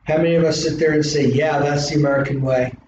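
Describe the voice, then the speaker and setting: A middle-aged man with a South Philly accent, an instructor giving an animated classroom lecture full of rhetorical questions. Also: fairly high pitch, fast. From South Philadelphia, US. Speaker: college instructor. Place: large classroom. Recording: distant echoey classroom recording, dull and hissy.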